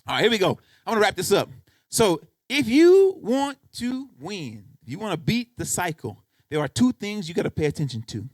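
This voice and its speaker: High, lively-voiced preacher man. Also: moderate pace, no room sound. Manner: emphatic, repeats "guess what" to drive points home; conversational preaching, addresses congregation directly. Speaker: pastor. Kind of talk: sermon. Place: church.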